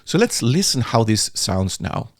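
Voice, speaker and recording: A man giving a relaxed, chatty software tutorial, sometimes restarting his words. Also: medium pitch, measured pace, vocal fry, dry recording, clean studio sound. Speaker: software reviewer. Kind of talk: casual screen-recorded tutorial.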